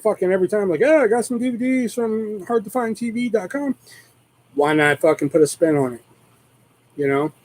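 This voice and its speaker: A man's voice: high voice, a little mellow, poor audio. A man hosting a live stream, chatting casually in a rambling way and swearing constantly.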